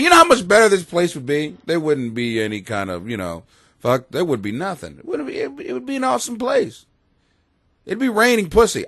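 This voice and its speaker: A man's voice: a little high, a bit bright, no echo, studio quality. A man hosting a show from his basement, ranting bluntly and crudely with a lot of swearing. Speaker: host. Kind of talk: profane comedic rant to camera. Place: home basement.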